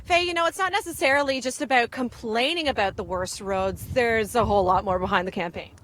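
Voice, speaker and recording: A woman's voice: fairly high pitch, fairly quick, a bit bright. A young woman from Ontario doing a chatty live weather report outdoors in the wind. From Ontario, Canada. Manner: chatty, upbeat, lots of fillers. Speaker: field weather presenter.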